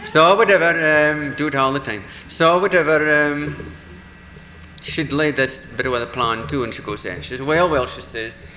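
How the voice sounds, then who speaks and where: A man telling a traditional folk tale in a lively, animated way, acting out the voices in the dialogue. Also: a little high, normal speed, echoey room, big-room sound, a little hiss or hum, low-quality recording. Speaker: storyteller.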